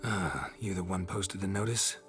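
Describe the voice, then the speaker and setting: Gruff terse monster hunter, very deep voice, dry and blunt, game audio with faint music. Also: male voice, normal speed, a bit bright. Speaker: game protagonist.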